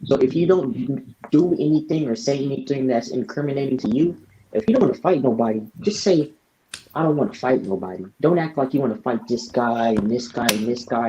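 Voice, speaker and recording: A man's voice: mid-range voice, brisk. A man venting with frustrated, profane talk as a podcast co-host. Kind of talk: casual podcast chat. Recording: dull lo-fi audio with faint noise.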